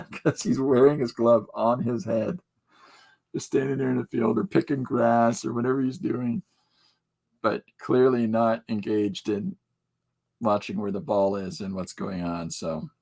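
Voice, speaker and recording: A man's voice: lowish voice, fairly even intonation, unhurried, vocal fry, long pauses, darkish tone. A middle-aged man hosting a podcast in casual chat, rambling with many fillers and chuckling as he talks. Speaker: podcast host.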